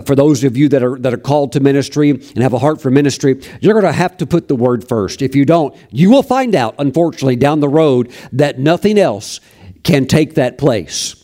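A man's voice: medium pitch, brisk, warm tone. A man preaching a sermon, telling stories from his ministry in a folksy, anecdotal way with frequent restarts. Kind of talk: sermon storytelling.

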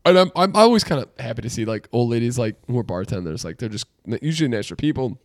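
A man, co-hosting a casual podcast, animated, swearing, his voice jumping up when he gets riled. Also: medium pitch, quick pace, no echo, clean studio sound. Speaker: podcast co-host. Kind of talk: casual chat.

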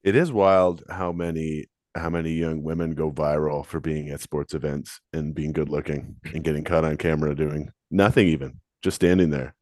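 A man's voice: rumbling low, steady tone, moderate pace, hardly any pauses, a little mellow, no room sound. A man co-hosting a podcast in casual chat, with a dry, mock-serious delivery. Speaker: podcast co-host.

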